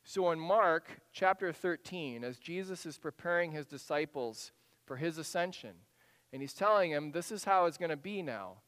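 Male preacher, high voice, dramatic storytelling, church reverb. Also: moderate pace, clean tone. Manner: dramatic storytelling, drops to a hushed voice then rises to animated acted-out lines. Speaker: pastor. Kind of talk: sermon.

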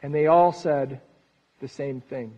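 A man preaching a sermon as pastor, earnest and lively, often dropping soft at the ends of phrases. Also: mid-range voice, slow pace. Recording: reverberant hall, dull sound.

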